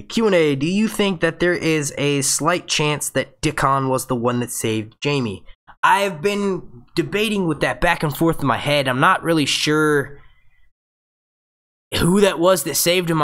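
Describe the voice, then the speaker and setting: Medium in pitch and fairly bright, a man hosts a fan review show from home with a phone nearby. He rambles through a live Q&A breakdown, voicing viewers' questions and restarting his sentences as he goes.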